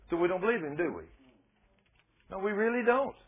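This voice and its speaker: Husky preacher on a tinny line. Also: male voice, high-pitched, animated, fairly quick, long pauses. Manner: folksy, emphatic, scripture-reading. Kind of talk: sermon. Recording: tinny phone-like radio broadcast.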